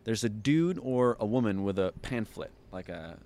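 Animated storytelling man, podcast guest. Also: fairly low pitch, normal speed. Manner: lively, laughs often, acts out others' lines.

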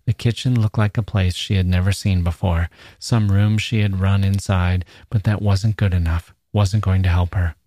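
Deep-voiced man reading fiction. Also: warm tone, no echo, clean studio sound. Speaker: narrator. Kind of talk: literary reading.

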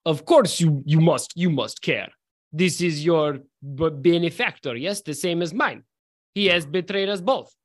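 A man voicing a demanding male gangster boss in a thick put-on Russian accent, halting and repetitive. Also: on the high side. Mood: wheedling.

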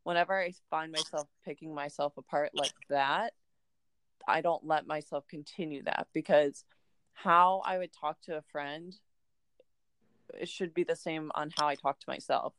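A woman's voice: deep voice, moderate pace, smooth. A woman chatting casually as a podcast co-host, in a talkative, candid way. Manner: chatty, drops into lively quoted voices. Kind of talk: casual chat.

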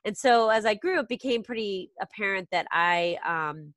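A woman from the Washington DC area, a Spanish teacher, speaking as a podcast guest in energetic casual talk with frequent fillers. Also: mid-range voice, moderate pace, dry recording. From Washington DC area, USA.

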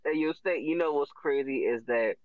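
A man's voice: fairly high pitch, normal speed, no echo. Laid-back trolling man, giggly; mid voice on dull lo-fi audio, dry. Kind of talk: heated sports chat.

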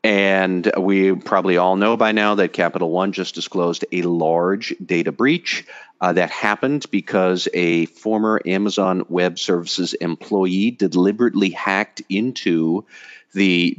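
A very deep-voiced man talks through a subject on a casual panel chat. His delivery is measured and explanatory. The audio sounds dull and lo-fi. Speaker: podcast panelist.

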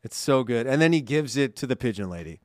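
A man's voice: medium pitch, expressive, fast, darkish tone, dry recording, clean studio sound. A man co-hosting a holiday podcast, reading listener cards aloud in a chatty way and laughing often. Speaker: podcast co-host. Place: studio. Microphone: studio microphone.

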